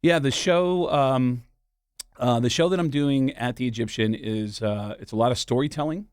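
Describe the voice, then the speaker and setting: A middle-aged comedian and impressionist tells stories loosely in a casual interview chat, with lots of fillers and laughter. His mid-range voice is clear and resonant at a moderate pace, recorded at studio quality with no room sound.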